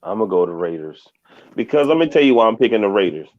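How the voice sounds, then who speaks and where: Male guest, lowish voice, muffled lo-fi audio, halting and easy-laughing. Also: sing-song. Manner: loose, halting, laughs easily. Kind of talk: casual sports chat. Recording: dull lo-fi audio.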